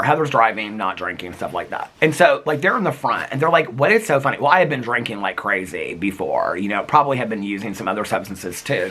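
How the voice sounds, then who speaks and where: A man chats to his vlog audience, rambling through a story with constant fillers and easy laughter. His voice swoops lively up and down and has a bright, slightly husky tone. It sounds recorded casually outdoors. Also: medium pitch. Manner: chatty and rambling, many fillers, frequent laughter, squeals. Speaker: vlogger.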